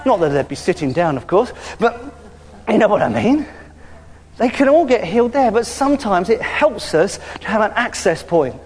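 Male preacher with a high voice, chatty and animated, recorded with long hall reverb. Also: moderate pace, husky. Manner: lively, conversational preaching with frequent hallelujahs. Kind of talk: sermon. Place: church hall.

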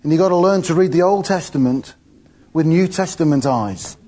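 A man's voice: fairly high pitch, moderate pace, mellow. A man giving an informal, chatty sermon, often laughing between his points. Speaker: preacher.

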